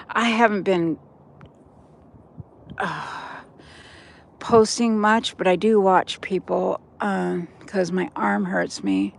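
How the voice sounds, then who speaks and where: A woman's voice: fairly low pitch, lively intonation, slow pace, creaky, pauses often, a little hiss or hum. An older woman rambling through a walk-and-talk vlog outdoors by a river, chatting straight to her viewers on a handheld phone. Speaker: vlogger. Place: outdoors by a river in cold weather.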